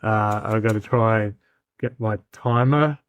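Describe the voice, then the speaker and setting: A man co-hosting a podcast, delivering a hammy mock recruitment pitch with bursts of shouting and laughter, slightly hoarse. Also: measured pace, slight background noise. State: slightly hoarse after illness. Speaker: podcast co-host.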